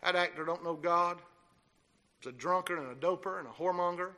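A man preaching a sermon, swinging from low, steady talk into fiery shouting. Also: brisk. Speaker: pastor.

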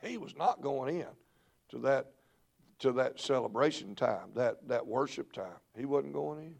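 Gravelly preacher, rising to shouts. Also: male voice, medium pitch, lively intonation, measured pace. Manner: preaches with swings from murmurs to shouted peaks. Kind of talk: revival sermon. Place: church sanctuary.

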